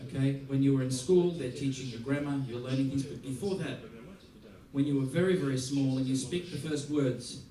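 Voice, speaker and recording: Animated man teaching in a roomy hall. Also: mid-range voice, fairly quick, distant mic. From Australia. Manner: lively, playful, acts out little scenes. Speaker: music teacher giving a masterclass. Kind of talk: masterclass talk. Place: large theater hall. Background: audience laughter.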